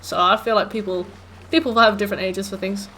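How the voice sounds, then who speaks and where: A young woman streaming a game and chatting with her viewers in a loose, rambling way. Her talk is full of "like" and "um", and her pitch sits in an ordinary middle range. A faint hiss of noise runs behind her voice. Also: steady tone, brisk, sharp tone. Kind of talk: casual chat with viewers while gaming.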